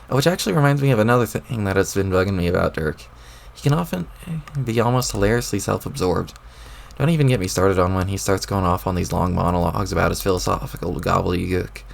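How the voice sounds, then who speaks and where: A man reading a webcomic aloud, voicing a clueless, rambling young male adventurer with old-timey folksy exclamations in a lowered, gravelly voice.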